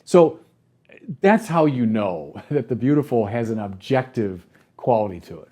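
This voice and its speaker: A man's voice: mid-range voice, expressive, moderate pace, warm tone. An older man, a bishop, talking animatedly and emphatically in a podcast conversation, acting out imagined voices in mock quotes.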